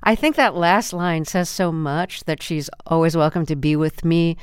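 A woman radio interviewer narrating a measured, clear introduction before a conversation with her guest. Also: low voice, no echo, studio quality.

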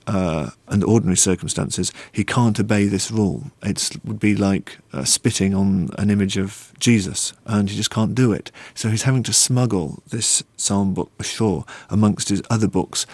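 Low-voiced male author, thoughtful. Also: darkish tone, no echo. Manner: thoughtful, with many pauses and fillers. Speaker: author and interview guest. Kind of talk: interview answers and book reading.

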